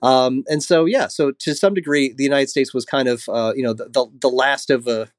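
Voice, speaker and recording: A man talking through a historical question in an interview, thinking aloud with frequent ums and restarts. His voice is recorded close and dry, with no room sound. His pitch sits in an ordinary middle range. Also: normal speed, no room sound. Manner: thoughtful, many fillers and restarts. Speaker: guest historian. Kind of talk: conversational interview answer.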